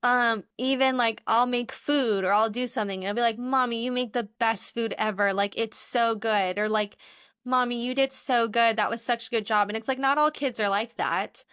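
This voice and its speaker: A woman's voice: a little high, fairly even intonation, normal speed, a bit bright, clean tone, dry recording, studio quality. A young adult woman co-hosting a podcast, talking in a rambling, earnest, chatty way. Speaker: podcast co-host. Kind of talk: casual chat.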